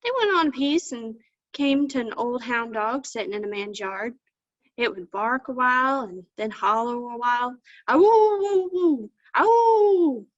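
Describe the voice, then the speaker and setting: A woman storyteller tells a folktale in homespun, folksy country phrasing. Her voice sits a little high, and the sound is dull and dry, as if over a video call. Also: moderate pace, pushed and bright, dry recording.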